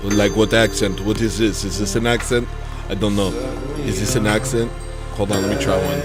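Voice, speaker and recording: A man's voice: lowish voice, steady tone, moderate pace, over loud music. A young man hosting a comedy livestream, rambling and joking as he reads the chat, laughing often. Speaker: livestream host.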